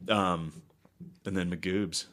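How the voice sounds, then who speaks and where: A man's voice: sits low, steady tone, slow, fairly bright tone. A man co-hosting a podcast in casual, crude banter, laid-back and laughing often. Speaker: podcast co-host.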